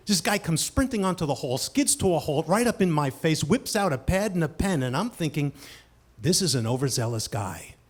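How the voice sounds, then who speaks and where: Brief: man, high voice, live comic storytelling, self-mocking, big dynamic swings. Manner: animated and self-mocking, swinging from hushed asides to shouted punchlines.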